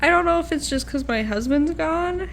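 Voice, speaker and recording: Young woman vlogger, slightly high voice, tired and rambling, casual chat. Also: animated, normal speed, vocal fry, slight background noise. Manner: rambling, trailing off with fillers. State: low and tired.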